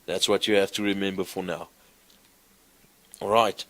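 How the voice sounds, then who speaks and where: A man teaching a class, explaining grammar slowly and reciting verb forms in a sing-song way. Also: deep voice, fairly even intonation, a bit bright. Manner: slow, deliberate, recites conjugations in a sing-song. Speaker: lecturer. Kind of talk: classroom lecture.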